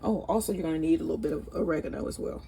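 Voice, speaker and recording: A chatty, excitable woman walks through a home cooking vlog, her voice sitting a touch low. She gasps happily and often talks between bites. Faint noise hums quietly in her kitchen. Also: rapid-fire, vocal fry. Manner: chatty, excitable, gasping with delight, often tasting while talking. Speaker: cooking channel host.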